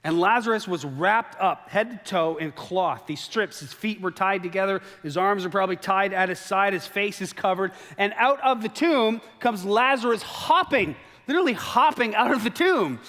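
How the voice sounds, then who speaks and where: Animated preaching man in a reverberant hall. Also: high voice, moderate pace, hardly any pauses. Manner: lively storytelling, acts out quoted lines in animated voices. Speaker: pastor. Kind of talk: sermon. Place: church sanctuary.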